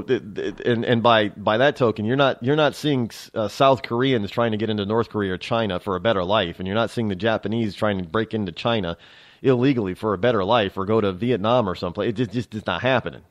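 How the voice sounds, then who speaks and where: American male radio host, lively up-and-down delivery, rambling opinionated monologue with frequent restarts. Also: mid-range voice. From United States. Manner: rambling, emphatic, many restarts and asides. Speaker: radio talk show host. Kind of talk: political talk radio monologue.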